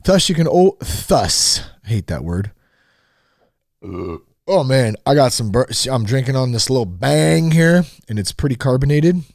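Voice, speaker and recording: A man's voice: mid-range voice, animated, measured pace, creaky, a little mellow, no echo. Guy hosting his podcast, goofing on an article, bouncy voice, dead dry sound. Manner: playful, mocks the wording, laughs often. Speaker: podcast host. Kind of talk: joking read-through of an article. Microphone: studio mic.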